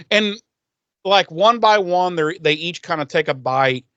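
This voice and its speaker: A man's voice: high voice, lively intonation, slow pace, a bit bright, no echo, lo-fi sound. Profane, jokey man on a podcast. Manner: profane, jokey, laughs often. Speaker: podcast co-host. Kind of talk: casual recap chat.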